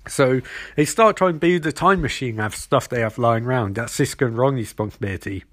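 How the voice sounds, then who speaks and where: A man sardonically recapping an episode, rambling and switching between quick character voices. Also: mid-range voice, fairly bright tone, dry recording.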